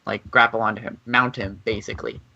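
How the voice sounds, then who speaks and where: A man's voice: on the low side, fairly even intonation, quick pace, vocal fry, pushed and bright, dull audio, a little hiss or hum. A man playing a tabletop game, talking casually and asking questions about his moves. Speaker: player.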